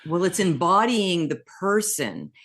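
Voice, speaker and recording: A woman's voice: lowish voice, a little slow, slightly rough. An older woman, a comedian and impressionist, telling stories animatedly as an interview guest. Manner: lively, animated storyteller who slips into voices. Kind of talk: casual storytelling in an interview.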